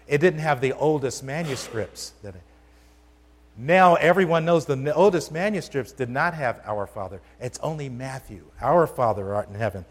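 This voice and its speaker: A man's voice: medium pitch, lively intonation, moderate pace, husky. A man preaching a sermon to a congregation in a conversational, emphatic way, often asking them questions. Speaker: pastor. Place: church sanctuary. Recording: long hall reverb.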